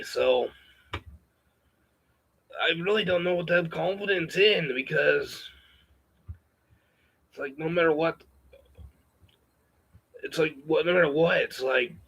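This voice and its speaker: A man speaking in a pitched-up, strained put-on character voice while chatting, with a gravelly edge, in a room at home on a webcam or phone mic. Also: sharp tone, exaggerated voice, low-quality recording. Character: campy male spy-spoof character voice.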